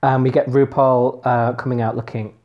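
A chatty man from Huddersfield co-hosting a podcast, gossiping and laughing as he talks through a TV episode. His voice sits at an ordinary middle pitch. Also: little pitch movement, moderate pace, a little mellow, lo-fi sound. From Huddersfield, England. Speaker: podcast co-host. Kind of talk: casual chat reviewing a TV episode.

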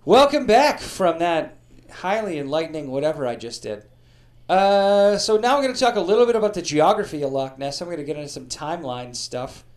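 A man's voice: a little high, animated, a little fast, a little mellow. A man hosting a podcast, telling comedic history stories with a profane, joking delivery. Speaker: podcast host.

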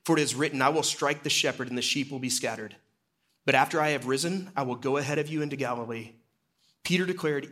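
A man preaching a sermon in a church sanctuary, telling the story in an easy, conversational way. His pitch sits mid-range for a man. At the solemn parts he sinks lower and quieter. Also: fast. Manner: storytelling, drops low and quiet for solemn moments. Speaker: executive pastor.

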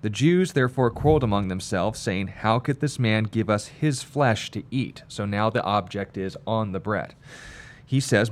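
Low-voiced guy reading bible verses with emphasis, then explaining them. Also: normal speed. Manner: reads scripture aloud with pointed emphasis, then explains it. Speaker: Bible teacher. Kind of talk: Bible study discussion.

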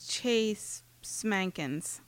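A woman co-hosting a podcast who delivers made-up jokes in a dry, deadpan way. Her voice sits at a middle pitch. It is recorded close and dry. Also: extremely slow, smooth, no room sound. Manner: deadpan, playful. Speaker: podcast co-host. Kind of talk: casual chat.

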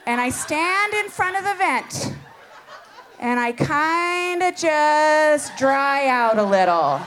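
A woman telling a comic personal story live to an audience, animated and playful, laughing as she goes. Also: high-pitched, slow, slight background noise.

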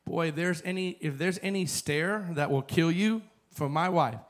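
High-voiced preaching man. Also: measured pace. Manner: conversational, builds to fervent shouting. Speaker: pastor. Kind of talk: sermon.

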